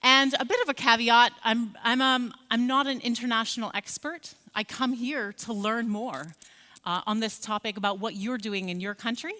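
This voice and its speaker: Keynote speaker: American-accented woman in her 40s, bright and forceful, chatty lecture style, reverberant hall. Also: on the high side, steady tone, normal speed. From Scotland. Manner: friendly, conversational, many fillers and restarts. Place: large conference hall.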